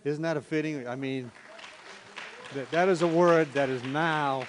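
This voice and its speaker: Older pastor guy, slow n careful, preaching in church. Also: fairly high pitch, steady tone, a crowd in the background, noisy background. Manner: slow and deliberate. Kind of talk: sermon. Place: church sanctuary.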